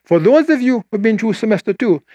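An older man preaching a sermon, telling a story and voicing its people, then slowing down to read scripture. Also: dry recording. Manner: animated storyteller, quoting voices with rising pitch, slowing for scripture.

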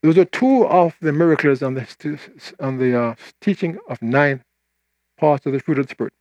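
An older man preaching a sermon, telling a story and voicing its people, then slowing down to read scripture. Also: dry recording, lo-fi sound. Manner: animated storyteller, quoting voices with rising pitch, slowing for scripture.

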